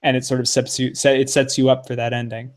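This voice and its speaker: A man's voice: medium pitch, quick pace. Man reading poetry expressively on a podcast. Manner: expressive reading aloud with playful asides. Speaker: podcast co-host.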